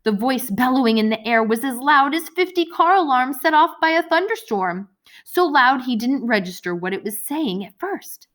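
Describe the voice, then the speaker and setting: A woman narrating a children's audiobook with a lively, expressive reading. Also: high voice, normal speed. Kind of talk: scripted narration.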